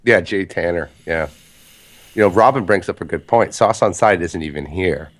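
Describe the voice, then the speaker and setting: A man's voice: deep voice, moderate pace. A young adult man co-hosting a podcast in casual chat, joking sarcastically and swearing freely. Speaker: podcast co-host.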